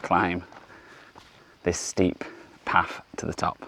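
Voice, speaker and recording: A man's voice: deep voice, level tone, slow, creaky, heavy background noise. A man walking a forest trail and narrating his travel vlog in a loose, rambling way, hot and sweaty from the climb. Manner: rambling, chatty, lots of "so yeah" fillers. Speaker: travel vlogger.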